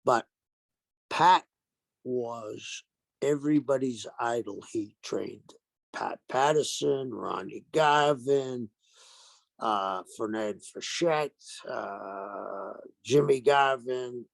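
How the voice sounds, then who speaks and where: A retired pro wrestler, now an older man with a gravelly, fry-edged voice at middling pitch, tells stories as a guest in an interview. He speaks very slowly and animatedly acts out what each person said. The recording is dry and close, with no room sound.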